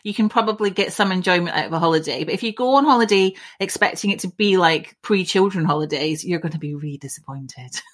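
Woman, lowish voice, chatty and upbeat podcast guest. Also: quick pace, hardly any pauses, a bit bright. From Scotland. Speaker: guest author. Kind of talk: casual podcast interview.

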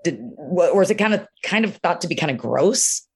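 A woman doctor with a low-pitched voice talks openly about the body in a relaxed interview. She is candid and animated, often slipping in "you know" and acting out little quotes in other voices. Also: brisk, breathy edge. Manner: frank, animated, many "you know" fillers, acts out quotes. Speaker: urologist guest.

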